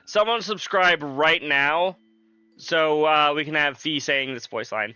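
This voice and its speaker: A man's voice: on the high side, a little slow, bright, forceful tone, dull audio, faint music behind. A man streaming a video game live, chatting casually and joking with his viewers.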